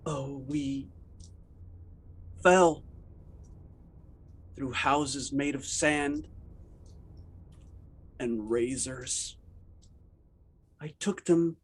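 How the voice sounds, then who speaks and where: Man playing a low, unhurried, uncanny suspect; mocking, deliberate. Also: husky. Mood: dreamy. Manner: slow, deliberate, singsong. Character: eerie cryptic man toying with his interrogator. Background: background music.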